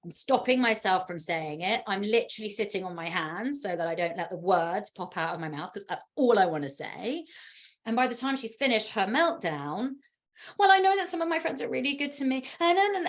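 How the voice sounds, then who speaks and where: A woman parenting coach hosting a podcast chat, talking in an animated, emphatic way with frequent laughs. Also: medium pitch, brisk.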